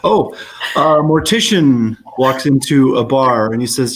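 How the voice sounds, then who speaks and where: Man improviser, slow easy talk, laid back, video call. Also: medium pitch, lively intonation, a little hiss or hum. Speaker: improv performer. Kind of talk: improvised joke telling.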